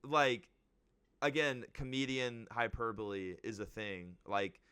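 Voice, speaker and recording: A young man co-hosting a podcast, talking in a measured, advice-giving way with lots of "like" fillers. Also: mid-range voice, fairly even intonation, sharp tone, smooth. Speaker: podcast co-host. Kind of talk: casual podcast chat.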